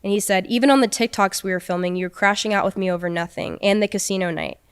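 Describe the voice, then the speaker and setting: A young woman guesting on a podcast talks fast in a smooth, sing-song, mid-range voice. She casually recounts a personal story, quoting what was said along the way.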